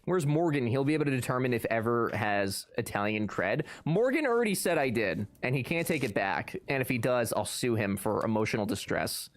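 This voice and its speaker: A man's voice: medium pitch, lively intonation, a little fast, hardly any pauses. A man streaming live, chatting casually and answering his chat with sarcastic, joking banter.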